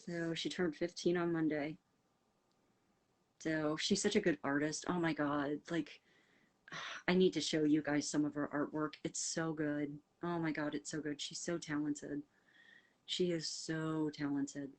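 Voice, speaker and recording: A woman's voice: deep voice, level tone, a little slow. A middle-aged woman from the United States hosting a casual livestream, talking in a heartfelt, rambling way with lots of fillers and answering viewers' comments. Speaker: livestream host.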